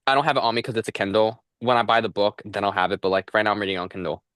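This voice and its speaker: Relaxed young man in a dry room. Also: lowish voice, dry recording. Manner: relaxed, halting, stumbles over words. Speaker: co-host of a book podcast. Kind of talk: casual chat.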